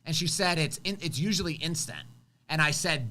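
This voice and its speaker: A man's voice: on the high side, moderate pace. A man co-hosting a live show, telling an emotional story and acting out what people said. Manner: animated, acts out quotes, swings loud and soft. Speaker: co-host.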